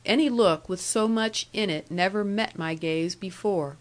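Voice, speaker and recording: A woman reads an old novel aloud in the first person, steady and earnest. Her voice sits at a middle pitch for a woman, neither high nor low. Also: a little slow. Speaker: audiobook reader.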